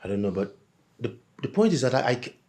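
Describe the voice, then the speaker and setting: A man's voice: medium pitch, sing-song, darkish tone. An actor playing a jealous, insecure young man who stammers and sulks over his girlfriend. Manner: halting, stammering, sulky.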